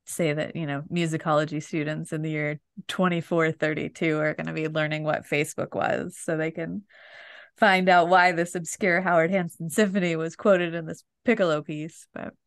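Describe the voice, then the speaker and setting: Podcast co-host: middle-aged woman, low-ish voice, wry and self-mocking, dry booth sound. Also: level tone, normal speed, no echo. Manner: wry storyteller, self-deprecating. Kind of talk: casual chat.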